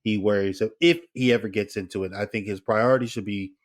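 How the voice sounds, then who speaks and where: A man's voice: on the low side, fairly even intonation, a little fast. A man co-hosting a podcast in casual chat, blunt, profane and joking. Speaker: podcast co-host.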